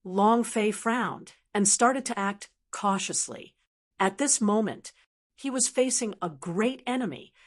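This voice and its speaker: Woman audiobook narrator, steady, mid-range pitch. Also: measured pace. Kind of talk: scripted narration.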